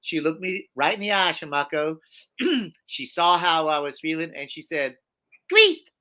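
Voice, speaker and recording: Forceful, bright-voiced man telling stories. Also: a little high, moderate pace. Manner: animated and emphatic, with many restarts and repeated phrases. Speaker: interview guest. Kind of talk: storytelling in a conversational interview.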